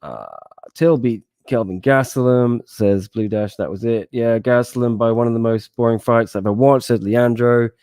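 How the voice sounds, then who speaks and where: A man hosting a sports podcast in casual chat, relaxed and self-deprecating, reading out viewer comments. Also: mid-range voice, moderate pace, dry recording, clean studio sound. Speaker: podcast host.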